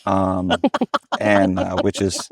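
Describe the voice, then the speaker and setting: A middle-aged American man telling stories in a casual interview, rambling and animated, with plenty of fillers. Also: sits low, slow, distant mic, crowd noise. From United States. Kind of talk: casual conversation.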